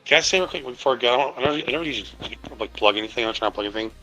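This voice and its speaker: Male co-host, bright voice, rambling and profane. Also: mid-range voice, rapid-fire, faint music behind, rough recording. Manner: rambling, laughing, swears freely. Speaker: video creator and co-host. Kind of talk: casual livestream chat.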